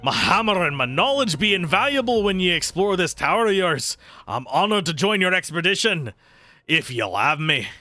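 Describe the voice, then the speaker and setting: A man voicing a gruff, proud male dwarf warrior-smith in a put-on brogue that drifts toward Scottish, read aloud from a game. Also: high-pitched, sing-song, moderate pace, dry recording, pitched above the performer's own voice, full character voice. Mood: proud, booming. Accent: put-on mixed Scottish-like brogue. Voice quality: gruff, loud and declamatory. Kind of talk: reading game dialogue aloud in character.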